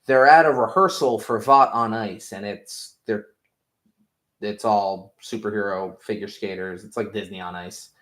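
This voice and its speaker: A man hosting a show review, talking through the plot in a loose, rambling way, full of fillers and swearing. His voice sits on the low side, and the recording carries a noticeable room echo. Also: unhurried, a bit bright. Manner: rambling, profane, heavy on "like" fillers. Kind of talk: casual episode recap.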